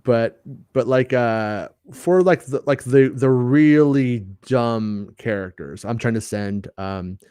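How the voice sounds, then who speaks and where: A man's voice: mid-range voice, slow pace, dark tone, clear, resonant tone, no echo. A man hosting a casual fan podcast, talking in a rambling way with many restarts. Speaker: podcast host. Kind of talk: casual chat.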